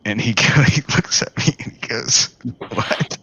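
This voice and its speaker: A man's voice: medium pitch, normal speed, a bit bright, slightly rough, no echo. A man casually telling a long, profane story to friends, laughing often as he talks. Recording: dull lo-fi sound with faint noise.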